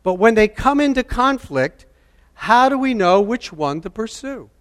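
Man preaching a sermon real slow, repeats his points, lots of hall echo. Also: very high voice, expressive, clear, resonant tone. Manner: deliberate, repeats key phrases for emphasis.

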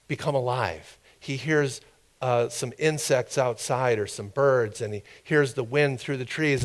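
A man preaching a sermon in an informal, conversational way, with asides and questions to the congregation. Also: on the high side.

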